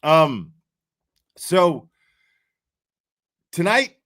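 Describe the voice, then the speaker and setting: A man's voice: on the high side, big pitch swings, very slow, a bit bright. A man hosting a casual livestream, rambling loosely with lots of fillers and easy laughs. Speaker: livestream host.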